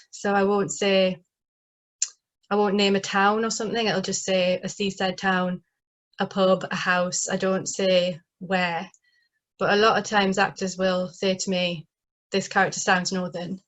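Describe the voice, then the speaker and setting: A woman's voice: medium pitch, flat delivery, measured pace, fairly bright tone. A woman from northeast England with a northeast English accent, a playwright talking casually in an interview, chatty and full of fillers and restarts, heard over a video call. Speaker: playwright guest.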